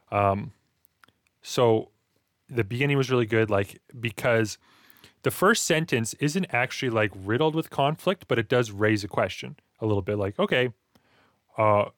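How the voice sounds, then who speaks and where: Low-voiced man in lively writing chat. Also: dry recording, clean studio sound. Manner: animated, acts out reactions in quoted asides. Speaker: podcast co-host discussing writing. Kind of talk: casual chat.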